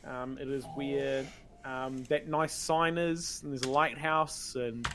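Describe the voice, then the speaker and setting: A man hosting a podcast game show in relaxed, casual chat full of "um" fillers. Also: mid-range voice, takes it slowly, background noise. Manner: relaxed, many "um" fillers, informal.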